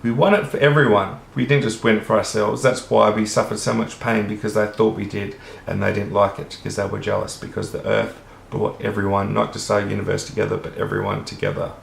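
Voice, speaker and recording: An Australian man talks on at length in a low, flat, gravelly voice, earnest and rambling, with casual swearing. The room around him sounds echoey. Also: a little fast, few pauses, a little hiss or hum. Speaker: vlogger. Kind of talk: rambling monologue to camera. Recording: roomy echo.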